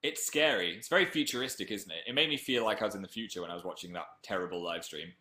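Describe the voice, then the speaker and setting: A man's voice: deep voice, quick pace, sharp tone, reverberant. Chatty Northern English young man live streaming. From Northern England. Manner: chatty, reads viewer comments aloud. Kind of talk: casual live stream chat.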